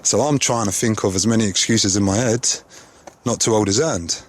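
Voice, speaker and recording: A man's voice: fairly low pitch, normal speed. A man telling a casual anecdote, full of slang and swearing. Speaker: storyteller.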